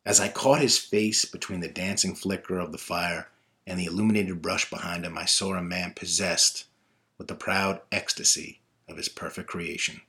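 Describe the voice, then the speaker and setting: Low-voiced man telling a personal story. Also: fairly even intonation, moderate pace, pushed and bright.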